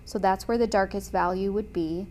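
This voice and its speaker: A woman teaching watercolor painting in a chatty, enthusiastic way, often pausing with "um" while she talks. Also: medium pitch, fairly even intonation, darkish tone, slight background noise. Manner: chatty and enthusiastic, frequent "um" fillers. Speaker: watercolor instructor. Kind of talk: casual tutorial chat while painting.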